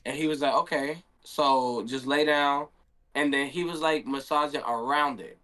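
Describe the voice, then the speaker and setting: A man's voice: a little high, steady tone, moderate pace, fairly bright tone. A young man, a handball player, telling a story in a casual stream Q&A and acting out his own quotes.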